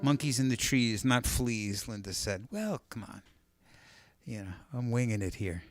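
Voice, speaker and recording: A man's voice: mid-range voice, expressive, a little slow, dry recording, studio quality. A man, a guitarist hosting a live stream, chatting casually with viewers, rambling, thinking aloud and making self-deprecating jokes. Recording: loud guitar playing behind the voice.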